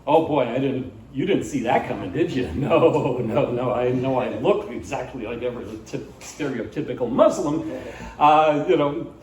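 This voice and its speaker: A man's voice: mid-range voice, moderate pace, darkish tone, roomy sound, far from the mic, rough recording. A man doing live stand-up at a small cafe, rambling with many fillers and restarts. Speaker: stand-up comedian. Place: small cafe venue, indoors.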